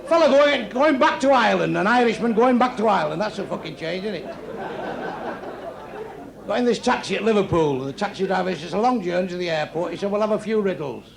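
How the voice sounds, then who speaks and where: A man with a Manchester accent tells crude jokes in a high voice with a gravelly edge. He is blunt and foul-mouthed and plays out each character in quick dialogue. He is recorded live in a club, with the audience laughing loudly around him. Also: expressive, a crowd in the background. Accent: Manchester English. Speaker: stand-up comedian. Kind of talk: stand-up joke telling. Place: comedy club stage.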